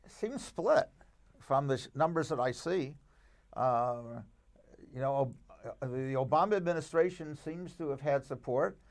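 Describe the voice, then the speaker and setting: A man's voice: mid-range voice, a little slow. A man, a rabbi guest in a conversational interview, speaking emphatically and arguing with rhetorical questions.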